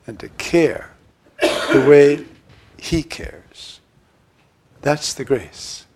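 A man preaching a sermon, swinging from loud, emphatic lines to hushed asides. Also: a little high, very slow, husky.

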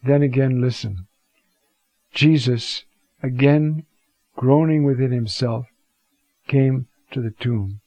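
Male scripture lecturer, dark mellow tone, dull lo-fi recording. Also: mid-range voice, no room sound. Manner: slow, reflective, reads passages aloud with emphasis. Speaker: Bible teacher. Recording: dull lo-fi sound.

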